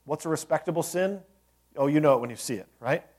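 A man's voice: on the high side, fast, darkish tone. A man preaching a sermon as a pastor, conversational, with joking asides and rhetorical questions to the congregation.

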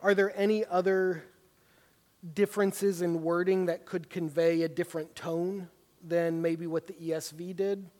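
High-voiced man leading a class. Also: level tone, unhurried, a little mellow, big-room sound. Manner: conversational, many "you know" fillers. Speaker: class teacher. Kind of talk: leading a Bible study class.

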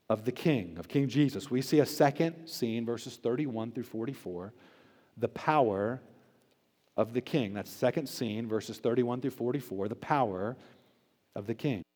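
A male pastor delivering a sermon, pressing hard on key words and then dropping to a near hush at the ends of phrases. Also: medium pitch, normal speed. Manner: emphatic preaching, swinging between loud stresses and quiet drops. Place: church sanctuary. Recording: long church reverb.

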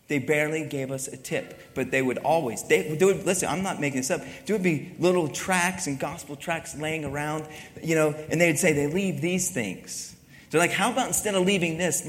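Male pastor with a fairly high voice, talking to his congregation with lots of rhetorical questions, recorded with a long hall reverb. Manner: conversational preaching with rhetorical questions. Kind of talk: sermon.

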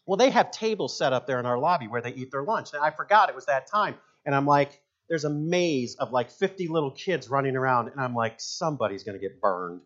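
A man's voice: medium pitch, expressive, fairly quick, hardly any pauses, fairly bright tone, dull audio. A man in his fifties, a pastor, preaching a sermon with folksy stories, jokes and asides. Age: 50s.

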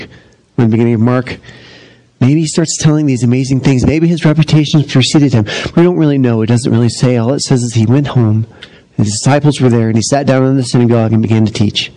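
A middle-aged pastor preaches a sermon in a conversational, animated storytelling style. His voice is mid-range, and the recording quality is low.

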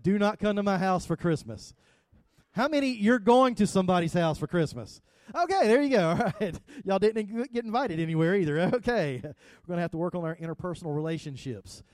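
A man's voice: brisk, a little mellow, no echo. Conversational man preaching. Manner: conversational, rises in pitch and energy when engaging the congregation. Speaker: pastor. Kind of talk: sermon.

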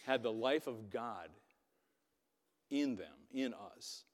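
A man preaching a sermon, telling a Bible story dramatically with loudness that rises and falls. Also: mid-range voice, expressive, slow. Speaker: pastor. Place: church hall. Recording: long reverb of a hall.

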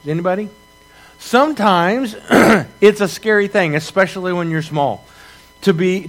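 A man's voice: fairly high pitch, fairly bright tone. A middle-aged man preaching a sermon, reading scripture and telling stories with rhetorical questions to his congregation. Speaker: pastor.

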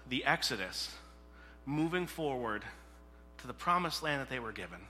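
A male preacher with a very bright, sharp-edged voice, talking through a sermon in a relaxed, chatty way and putting questions to the people in front of him. The sound carries a long echo from a large hall. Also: mid-range voice. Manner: conversational, asks the congregation questions. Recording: echoey hall.

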